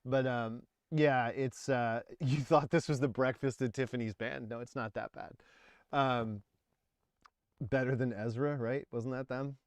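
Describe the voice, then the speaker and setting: A man's voice: medium pitch, fairly even intonation, a little slow, clean tone, dry recording, clean studio sound. Rambling, chatty man streaming about music. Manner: rambling, chatty, laughs often. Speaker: livestream host. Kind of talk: casual livestream chat about music.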